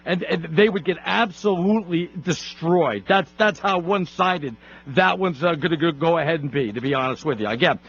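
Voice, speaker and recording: Ranting sports radio host, high gravelly voice. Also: male voice, a bit bright. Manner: ranting, exasperated, rapid-fire. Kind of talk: opinionated sports talk. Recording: lo-fi radio broadcast.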